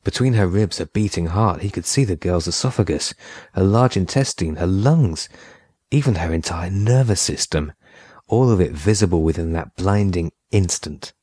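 Deep-voiced man narrating horror. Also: dark tone, slightly rough, no room sound. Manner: measured, unhurried storytelling. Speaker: audiobook narrator.

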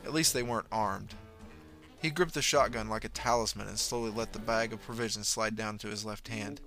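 A man narrating a story in a steady, low-key way, dropping softer for inner thoughts. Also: fairly quick, faint music behind. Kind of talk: audiobook narration.

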